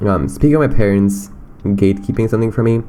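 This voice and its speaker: A man's voice: fairly low pitch, fast, mellow, a little hiss or hum. A young man hosting a podcast, talking candidly and rambling off into asides. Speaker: podcast host. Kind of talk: casual personal podcast talk.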